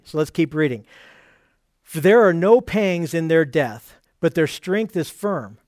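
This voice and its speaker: High-voiced earnest man preaching. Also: expressive, measured pace, a little mellow, no room sound, studio quality. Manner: earnest, explains scripture with many restarts. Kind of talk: sermon.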